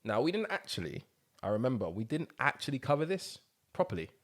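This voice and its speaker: A man's voice: mid-range voice, big pitch swings, fairly quick. A man co-hosting a podcast in loose, slang-heavy casual chat. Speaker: podcast co-host.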